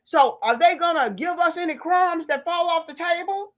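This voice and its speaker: A woman's voice: very high-pitched, moderate pace, lo-fi sound. A woman from the United States, a vlogger delivering an impassioned political rant in a fiery, preachy, emphatic way.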